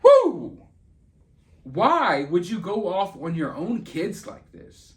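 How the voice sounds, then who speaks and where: A man with a notably high voice rants through celebrity gossip commentary. He sounds indignant and sarcastic, piling on jabs as he goes. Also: expressive, slow pace. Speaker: channel host.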